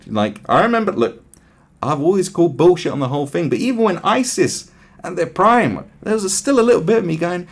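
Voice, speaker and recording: Animated, profane man ranting. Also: on the high side, fast talker. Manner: sarcastic, profane, mimics voices. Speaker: podcast host. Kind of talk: ranting monologue.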